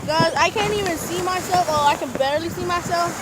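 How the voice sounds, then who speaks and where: A teenage girl vlogging casually at a beach, excitable and calling out to people nearby, filmed on a handheld phone camera. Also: extremely high pitch, a little fast. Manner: excitable, shouts at others. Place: windy beach outdoors. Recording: loud wind noise on phone mic.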